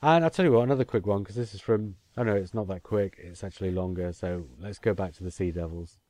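A man's voice: sits low, fast, warm tone, no echo. A man, co-hosting a casual podcast chat and reading listener emails aloud. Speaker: podcast co-host.

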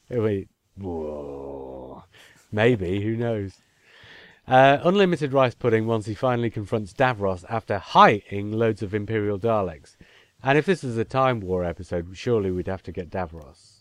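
Male podcast co-host, lower voice, chatty, dry close mic. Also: expressive, unhurried, no room sound. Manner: chatty, reads listener emails aloud. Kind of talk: casual podcast discussion.

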